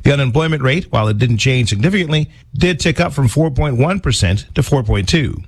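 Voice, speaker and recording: A man giving a radio news report in a brisk, matter-of-fact way. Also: mid-range voice, animated, breathy edge, no echo. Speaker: news correspondent.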